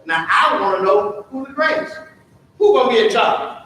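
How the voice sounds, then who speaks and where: Echoey preacherly man, high voice. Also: expressive, moderate pace, sharp tone. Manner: preacherly call-and-response, asking the class questions. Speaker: Sunday school teacher. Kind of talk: Sunday school lesson. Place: church. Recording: very echoey church room from far off.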